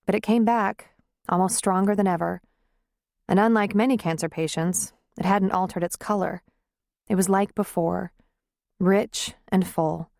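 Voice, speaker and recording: Woman narrator for a romance audiobook, mid-pitched, measured, dry close sound. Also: fairly even intonation, gravelly, darkish tone, no echo. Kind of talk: scripted narration.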